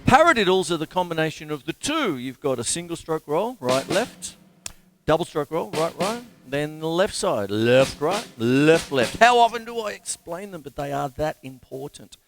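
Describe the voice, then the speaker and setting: A man's voice: on the high side, very animated, normal speed, over music. An Australian man teaching drums in a live-streamed lesson, chatty and jokey, counting rhythms and stickings aloud. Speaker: drum teacher. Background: drum kit playing.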